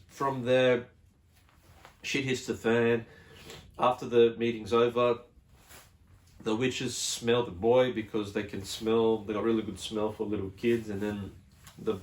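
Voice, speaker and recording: A man talks casually through an unboxing of a film he loves. He rambles, circles back on his words and fills the gaps with ums. His voice sits at an ordinary middle pitch. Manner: rambling, with many fillers and restarts. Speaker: collector reviewing a film release.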